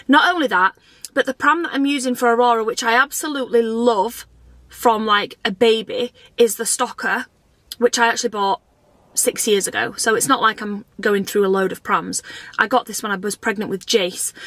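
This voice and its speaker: A woman's voice: a little high, fairly bright tone, dry recording. A woman vlogging in a chatty, rambling way, often putting herself down. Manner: chatty, rambling, self-deprecating. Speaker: family vlogger. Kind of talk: casual vlog chat.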